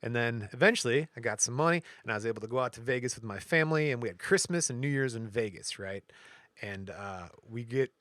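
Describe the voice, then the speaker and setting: A man's voice: mid-range voice, quick pace, dry recording. A man telling a story on a podcast, his voice in the middle range for a man and recorded close and dry. He jumps into the voices of the people in the story and swings his delivery as he goes. The style is loose, casual chat. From Michigan. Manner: animated storyteller, acts out quoted voices. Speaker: podcast co-host.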